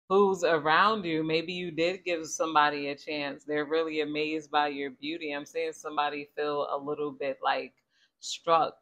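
A woman's voice: sits low, a bit bright. A woman giving a casual tarot reading to viewers, chatty and conversational, often asking spirit to tell her more. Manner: chatty and conversational, repeats 'Spirit, please tell me more'. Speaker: tarot reader.

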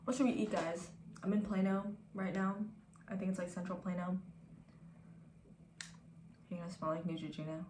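Her voice is lowish and steady at a normal pace, broken by long pauses, as this twenty-something streamer chats loosely with her viewers from a room at home. She swears casually and drifts into whispers now and then. Background noise and faint ambience sit in an echoey room.

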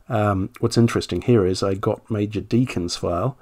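A man's voice: fairly low pitch, normal speed, a little mellow. A man who researches family history, explaining what he found in a casual, conversational way, with asides and self-corrections.

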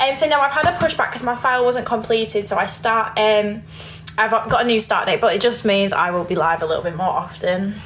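A woman's voice: medium pitch, fairly quick, a bit bright, slight background noise. A young woman with a Yorkshire accent, chatting casually on a livestream, reading viewer comments and giggling often. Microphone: phone.

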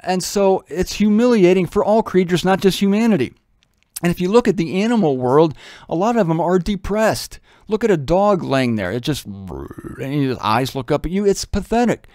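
A man's voice: high-pitched, animated, normal speed, darkish tone, no echo, studio quality. A man giving a conversational, humorous Bible teaching, breaking into little acted voices.

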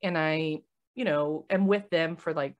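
A woman's voice: sits low, a little slow, highs cut off. A woman who is a nurse and podcast host, chatting casually and acting out the conversations she retells. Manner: animated storytelling, acting out quoted conversations.

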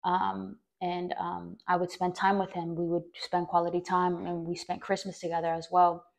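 A woman's voice: fairly low pitch, monotone, normal speed, gravelly. A young woman hosting a podcast, telling a personal story in a rambling way with many fillers. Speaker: podcast host.

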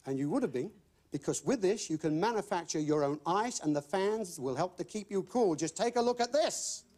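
A man's voice: sits high, animated, normal speed. A man hosting a television game show, with chirpy, jokey patter and repeated catchphrases in front of a live audience. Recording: old broadcast recording with audience.

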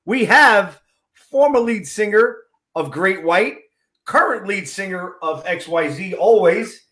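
A middle-aged man hosting a casual interview, jokey and quick to laugh, teasing his guest. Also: high-pitched, lively intonation, a bit bright. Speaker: host.

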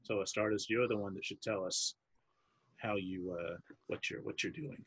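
A man running a tabletop game as dungeon master, describing scenes haltingly with many pauses and restarts. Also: on the low side, steady tone, a bit bright, husky, no room sound. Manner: halting, searching for words while describing.

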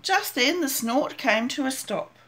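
An older woman, a grandmother, gently reading a children's picture book aloud with an expressive manner. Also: high-pitched, measured pace, background noise. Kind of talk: storybook read-aloud.

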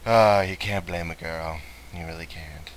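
A man's voice: deep voice, a little slow, poor audio. A young man giving casual, crude let's play commentary and laughing through his lines.

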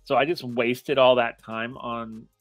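A man's voice: medium pitch, steady tone, a little slow, fairly bright tone, no room sound, soft background music. A man co-hosting a wrestling podcast, agreeing and laughing as he tells how worked up he got. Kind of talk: casual podcast chat.

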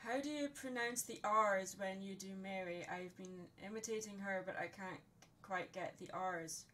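Casting: a young Scottish woman with a Scottish accent, a live streamer who is chatty and jokey, with a bright voice. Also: mid-range voice, normal speed, slight background noise. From Scotland. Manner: chatty, joking, laughs often. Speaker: streamer and artist. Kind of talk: casual live-stream chat.

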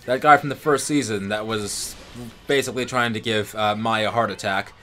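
A man's voice: on the low side, fairly even intonation, normal speed, bright, forceful tone, faint music behind. A man chatting casually beside a gameplay session, easygoing and prone to trivia tangents. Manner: easygoing, chatty, gets sidetracked looking up trivia. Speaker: co-commentator. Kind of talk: casual chat over gameplay.

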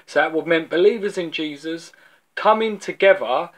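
Higher-voiced London man preaching casually. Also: normal speed. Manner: conversational storytelling, repeats words as he restarts. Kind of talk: informal video sermon.

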